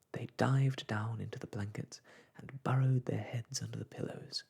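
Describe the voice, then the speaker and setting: A man reading a bedtime story aloud in a soft, hushed whisper. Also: medium pitch, fairly even intonation, moderate pace, vocal fry, few pauses, breathy edge.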